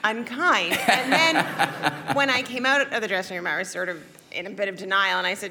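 Chatty comic woman guest, bright giggly voice, slight background ambience. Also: medium pitch, moderate pace, a little hiss or hum. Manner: chatty, giggly, self-mocking. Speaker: guest storyteller. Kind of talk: comic anecdote on a talk show.

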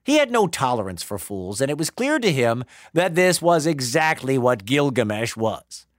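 Expressive male storyteller, dry close sound. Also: mid-range voice, moderate pace, no room sound. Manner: expressive, dramatic. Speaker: narrator. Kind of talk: storytelling narration.

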